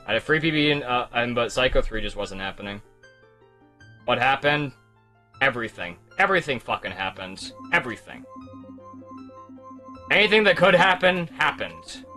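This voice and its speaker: A man's voice: medium pitch, animated, moderate pace, sharp tone, soft background music. A young man streaming a speedrun, talking in a frustrated, rambling way and swearing as he goes over his mistakes. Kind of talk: casual live-stream commentary.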